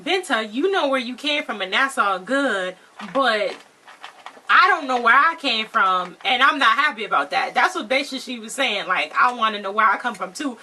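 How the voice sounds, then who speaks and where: A woman's voice: on the high side, lively intonation, moderate pace, sharp tone, slight background noise. A woman co-hosting a casual reality TV recap, questioning and pushing back on her co-host's points. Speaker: co-host of a reality show recap channel. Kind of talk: casual chat recapping a TV episode.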